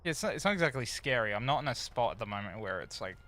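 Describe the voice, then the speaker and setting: A man's voice: mid-range voice, expressive, very fast, fairly bright tone. A man streaming an online game, chatting casually in a loose, rambling way with plenty of fillers. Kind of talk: casual chat while gaming.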